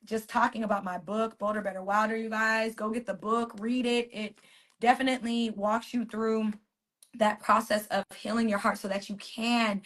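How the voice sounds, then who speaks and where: Bright, emphatic woman streaming live. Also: on the high side, level tone, moderate pace. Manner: emphatic, repeats phrases, chats with viewers. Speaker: author and wellness coach hosting a weekly live stream. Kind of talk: casual motivational live stream talk. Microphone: phone.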